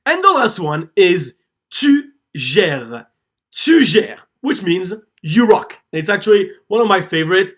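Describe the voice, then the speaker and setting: A slow-paced teacher narrates slides. The voice rises and falls a lot as each phrase is drilled clearly for learners to repeat. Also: mid-range voice, fairly bright tone. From France. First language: French. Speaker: French teacher. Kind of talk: scripted slide-based lesson narration.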